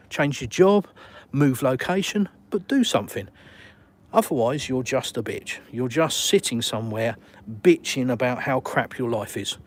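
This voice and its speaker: A medium-pitched Englishman live-streams from his phone as he walks around outdoors, with slight background noise. He reads viewer comments bluntly and outspokenly, swearing casually as he goes.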